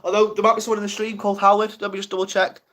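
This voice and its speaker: A man's voice: sits high, level tone, rapid-fire, fairly bright tone. A young man from the UK chatting casually on a live stream, flustered and rambling, mocking himself as he goes. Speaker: ASMR livestreamer.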